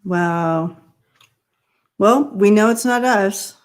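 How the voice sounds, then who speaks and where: A woman's voice: medium pitch, extremely slow. A woman co-hosting a casual livestream on a video call. She talks in a friendly way, explains things and reads out the chat. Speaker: livestream co-host.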